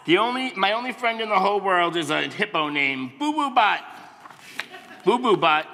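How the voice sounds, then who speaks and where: A man's voice: sits high, expressive, normal speed, bright, forceful tone. Playful middle-aged man in a reverberant church. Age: 50s. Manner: playful, self-mocking, exaggerated silly sounds. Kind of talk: reading a children's book aloud to kids. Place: large church sanctuary. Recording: reverberant church hall, faint noise.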